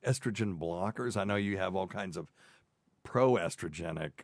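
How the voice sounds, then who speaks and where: A man in his sixties with a very low voice and a softened Southern accent. He hosts a casual talk show and tells folksy stories in a loose, easy way. The sound is close and dry. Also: normal speed, dry recording. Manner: folksy storytelling. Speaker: host. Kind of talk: casual podcast chat.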